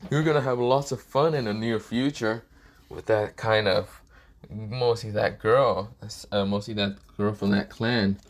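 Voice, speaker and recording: A crude, laughing dragon spirit taunts his host in a fan-made audio story, voiced by a man with a lowish, unpolished voice. He needles and jeers at a loose, rambling pace. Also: steady tone, a little slow, lightly acted. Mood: teasing. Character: mocking perverted male dragon spirit.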